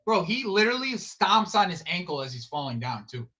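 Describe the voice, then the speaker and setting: A man's voice: high voice, big pitch swings, a little fast, sharp tone. A man hosting a live football watch-along stream, rambling and swearing, repeating himself and blurting out reactions to the play.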